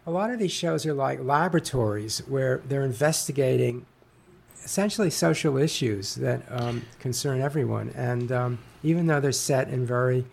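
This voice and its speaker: A man talks in a relaxed interview, his voice carrying a gravelly rasp. He halts often, restarting sentences and filling pauses with ums and uhs as he works through an idea. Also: mid-range voice. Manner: halting, many fillers and restarts. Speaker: author guest. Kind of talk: interview conversation.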